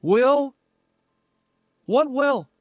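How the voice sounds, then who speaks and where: A hot-tempered young son-in-law with a high, swooping voice, as a woman narrator puts him on. He snaps and shouts defensively, full of bluster, in a dry, close storybook read. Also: lively intonation, extremely slow, no echo, full character voice. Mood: angry. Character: angry scheming young man, a son-in-law.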